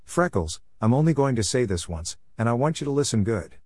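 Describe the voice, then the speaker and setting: A man's voice: mid-range voice, sing-song, a little fast, darkish tone, husky, no echo, clean studio sound. A man reading a story, voicing a patient but firm grandmother on a camping trip. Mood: stern.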